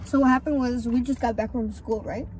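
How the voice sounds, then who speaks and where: Teasing younger teen sister, mellow. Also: female voice, a little high, fairly even intonation, a little fast, slight background noise. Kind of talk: casual chat.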